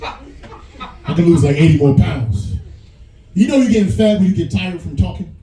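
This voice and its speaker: A man with a New York accent doing a stand-up set, loose and crude, often jumping into high put-on voices. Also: animated, normal speed, dark tone, echoey room, far from the mic, rough recording. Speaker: stand-up comedian headlining a bar. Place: small bar comedy stage.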